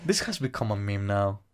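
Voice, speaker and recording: Lower-voiced man joking casually. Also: lively intonation, unhurried. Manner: joking, swears, laughs often. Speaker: podcast co-host. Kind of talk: casual chat.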